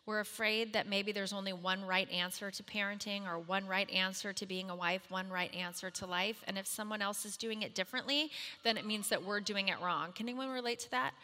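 A woman in her thirties telling a humorous, self-mocking story to a moms' group, animated and acting out the voices in her quotes. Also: mid-range voice, brisk, long reverb tail.

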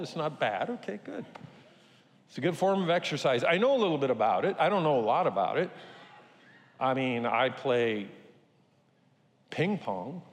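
A man's voice: on the high side, slight background noise. An older man preaching a sermon to a congregation in a conversational, joking way. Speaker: pastor. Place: church sanctuary. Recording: reverberant church hall.

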